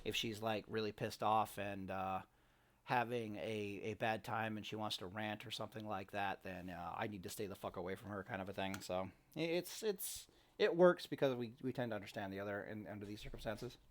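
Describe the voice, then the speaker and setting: A man's voice: lowish voice, brisk. A man ranting in a casual home-recorded monologue, profane and rambling, often restarting his sentences. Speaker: gaming vlogger. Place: home near a kitchen.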